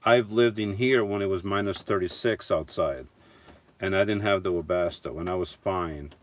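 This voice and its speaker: A man's voice: sits low, moderate pace. Rambling man chatting from his van. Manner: rambling, self-correcting, chuckling asides. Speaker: vlogger reading live chat. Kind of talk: casual live stream chat. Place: inside a van.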